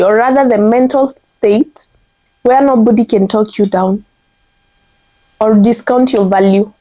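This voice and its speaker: Woman, Kenyan accent, earnest motivational vlog, mellow voice, fairly high pitch. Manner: earnest, self-correcting restarts, frequent "like". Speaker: content strategist.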